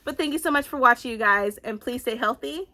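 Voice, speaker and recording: A young woman giving a casual, animated book-review rant, exclamatory and swearing freely. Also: a little high, a little fast.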